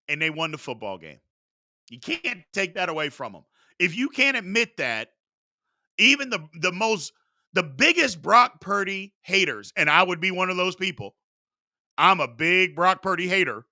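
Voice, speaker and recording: A man's voice: sits high, very animated, normal speed, bright, forceful tone, dry recording, studio quality. A man hosting a sports talk show, ranting bluntly and emphatically, repeating his points for force. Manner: emphatic, repetitive, blunt and fired up. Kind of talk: opinionated sports talk rant.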